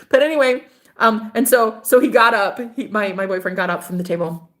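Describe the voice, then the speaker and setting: A woman spinning a personal story for her viewers in a loose, chatty way. She is animated and familiar, swears freely and calls her audience "girl". Her pitch sits in the middle for a woman. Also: moderate pace. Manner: voices other people in quoted dialogue. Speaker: spiritual advisor. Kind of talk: casual storytelling to camera.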